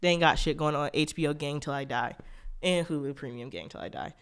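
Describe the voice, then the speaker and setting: A podcast host ranting in a blunt, profane way, jumping fast between tangents, stuffy-nosed from allergies. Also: medium pitch, fairly bright tone, clean tone. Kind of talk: casual solo podcast rant.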